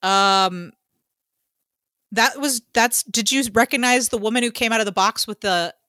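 A woman's voice: on the high side, unhurried, sharp tone, no echo, clean studio sound. A woman co-hosting a casual podcast, chatting and acting out her own reactions in quotes. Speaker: podcast co-host. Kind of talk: casual chat recapping a TV finale.

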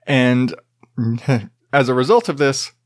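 A man's voice: medium pitch, lively intonation, takes it slowly, dry recording. Guy riffing on weird news, swears a lot, rambles, dry close sound. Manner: rambling, profane, jokey asides. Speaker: news show host. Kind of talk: casual news commentary.

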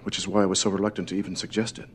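Guy playing a worried alien official, very deep, talks fast, music under it. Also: level tone, slight background noise, close to an everyday voice. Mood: troubled. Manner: hesitant, earnest. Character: anxious male alien official.

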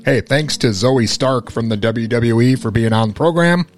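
A man's voice: mid-range voice, expressive, moderate pace, soft background music. A man co-hosting a podcast in casual chat, teasing with dry humor. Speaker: podcast co-host.

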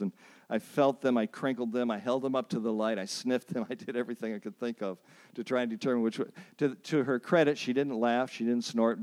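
Preaching at a workshop, this man speaks with a medium-pitched, darkish voice. His sermon is emphatic and built on storytelling with self-deprecating asides, repeated key phrases, and calls for the audience to echo lines back.

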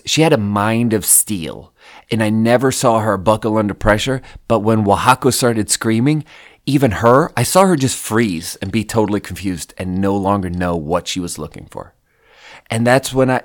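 A man hosting a podcast who tells a rambling, profane story in a casual way. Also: mid-range voice. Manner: rambling and profane, with frequent fillers. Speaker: podcast host.

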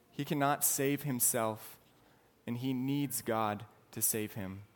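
A man preaching a sermon, explaining scripture in an earnest, teaching manner. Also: mid-range voice. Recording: long hall reverb.

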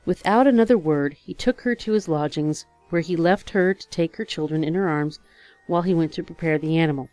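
A woman reads a fairy tale aloud in a measured, expressive way. Her voice sits a little low, close and dry. Soft music plays faintly underneath. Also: no room sound. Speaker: storyteller. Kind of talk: storybook reading.

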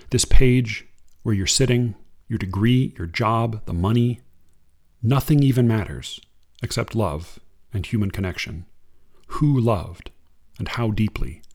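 A man commenting on poetry, reading quotes aloud in a measured, hesitant way. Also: on the low side, a little mellow. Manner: measured, hesitant, restarts often.

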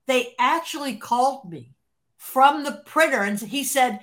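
A woman being interviewed, telling an animated story, laughing often and acting out what others said. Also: high voice, unhurried. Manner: animated, acts out quoted voices, laughs often. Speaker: interview guest, former record label creative executive.

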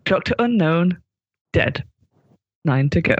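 Husky, animated man reading a comic story. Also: fairly high pitch, slow, no room sound, lo-fi sound. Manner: animated, giggling reading with put-on voices. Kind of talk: amateur comic fan-fiction reading.

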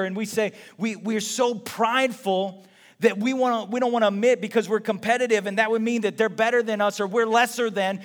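A high-pitched male pastor preaches to his congregation, swinging from loud questions to quiet, confiding asides. His voice rings with a long reverb off the walls of a big church hall. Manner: conversational preaching with rhetorical questions and acted-out quotes. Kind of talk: sermon.

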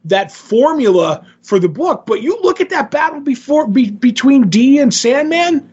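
A man in a casual podcast chat, retelling comic stories with animated energy and acting out the quotes. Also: very high-pitched, normal speed, husky. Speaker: podcast co-host. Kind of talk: casual comic book discussion. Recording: dull lo-fi sound.

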